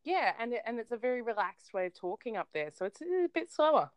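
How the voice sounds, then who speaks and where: A woman with an Australian accent, co-hosting a casual podcast chat and telling lively stories with frequent laughs. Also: fairly high pitch, quick pace, clean tone, dry recording. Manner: animated storyteller, laughs often. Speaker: podcast co-host.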